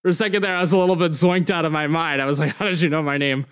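A man's voice: on the high side, steady tone, very fast, a bit bright, clear, resonant tone, lightly acted. A man voicing a laid-back young male clubhouse worker who talks in a drawling, spaced-out dude manner. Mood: mellow. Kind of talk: tabletop game character voice.

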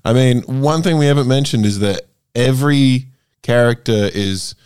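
A man's voice: mid-range voice, normal speed, a little mellow, smooth. A man co-hosting a casual movie review chat, making dry, jokey remarks.

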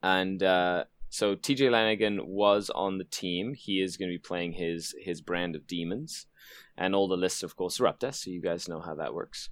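Low-voiced Canadian man, dry sound. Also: fairly even intonation, moderate pace, dry recording. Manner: rambling, many fillers and restarts. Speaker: team captain guest. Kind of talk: casual chat.

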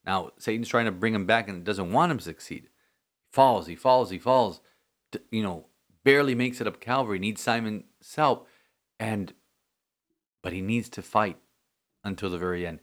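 A man's voice: lowish voice, moderate pace, long pauses. A man, a Catholic priest, chatting earnestly on a podcast, rambling with many restarts. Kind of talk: casual podcast chat.

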